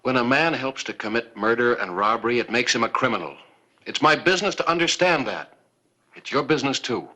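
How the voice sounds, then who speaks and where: A man's voice: medium pitch, fairly quick. An actor playing a frontier lawman who speaks firmly and steadily in a 1950s TV western. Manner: firm and steady.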